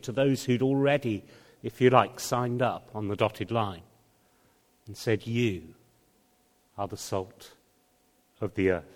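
A man delivers a Sunday sermon at a measured, unhurried pace, with the occasional wry aside. His voice sits at an ordinary middle pitch. It rings out with the long reverb of a church hall. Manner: slow, deliberate preaching with light humor. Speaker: pastor.

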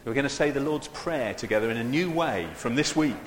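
A man's voice: medium pitch, animated, fairly quick. A man preaching an informal, humorous sermon into a microphone, chatty and self-deprecating, often turning to the congregation with asides. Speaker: preacher leading a church service. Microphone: handheld or stand microphone. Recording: echoey hall with long reverb.

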